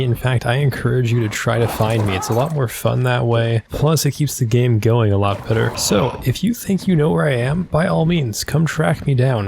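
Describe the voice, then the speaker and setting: A man's voice: mid-range voice, vocal fry, darkish tone, slight background noise. A young man hosting a let's play, chatting and joking with sarcastic asides. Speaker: gaming channel host.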